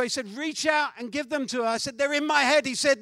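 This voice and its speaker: High bright-voiced male preacher. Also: fairly quick, hardly any pauses, no room sound. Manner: animated storyteller, swings between loud and hushed. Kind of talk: sermon with storytelling.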